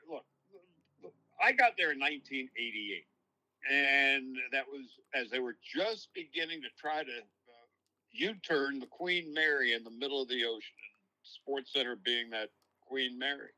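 Older New broadcaster, bright and forward, spins long reflective stories as an interview guest. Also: male voice, mid-range voice, low-quality recording. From New York. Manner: long-winded, reflective storytelling. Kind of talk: casual interview, storytelling.

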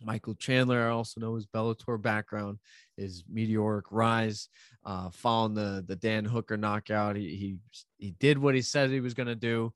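A man's voice: on the low side, fairly even intonation, normal speed, no room sound. A man co-hosting a casual podcast chat, telling stories in a profane, rambling way. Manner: profane, storytelling with rambling restarts. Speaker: podcast co-host covering MMA betting.

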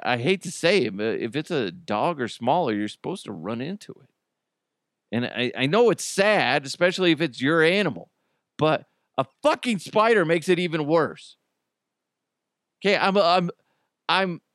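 A man's voice: medium pitch, fairly bright tone, clean tone, dry recording, clean studio sound. A man hosting a podcast, riffing on news stories in a blunt, profane, laughing way. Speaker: podcast host. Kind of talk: casual news commentary.

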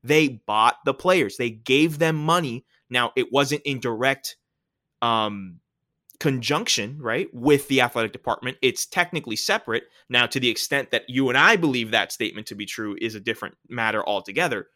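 Bright, emphatic male sports talker. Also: mid-range voice, lively intonation, moderate pace, dry recording, studio quality. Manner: explanatory, emphatic, often tags points with "right?". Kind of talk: casual sports commentary.

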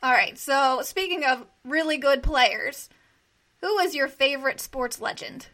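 A woman hosting a casual interview, chatty and quick to react. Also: sits high, sharp tone.

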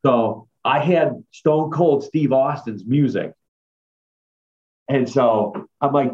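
A man's voice: mid-range voice, takes it slowly, darkish tone. A man, a former strength coach, rambling through anecdotes in a casual chat with lots of fillers. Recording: dull lo-fi sound.

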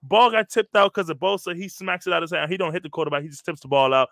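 Animated slangy man telling stories. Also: a little high, quick pace, no echo, clean studio sound. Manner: animated storytelling, slangy, says "bro" constantly. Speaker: podcast host, former college lineman. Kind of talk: casual chat.

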